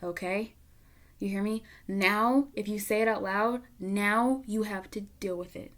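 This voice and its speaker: Measured and steady, this woman's mid-range voice carries a casual tarot reading delivered straight to camera. She is open and emotional as the reader, at moments dropping almost to a whisper.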